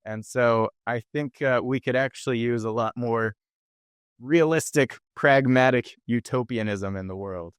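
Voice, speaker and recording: A man's voice: mid-range voice, measured pace, smooth, dry recording, studio quality. A man speaking as a podcast guest, explaining ideas in an earnest, conversational way. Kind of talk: conversational interview.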